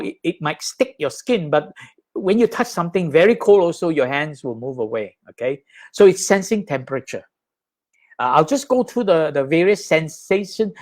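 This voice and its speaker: Guy doing a live dhamma talk, casual teaching style, voice bounces up and down a lot. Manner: animated, acts out high and low sounds with his voice; conversational, checks in with the listener often. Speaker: Buddhist teacher.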